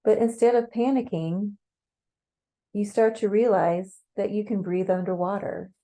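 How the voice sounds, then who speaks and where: Calm lady guiding a meditation, really slow, soft warm tone. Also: mid-range voice. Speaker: meditation guide. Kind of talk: guided meditation narration.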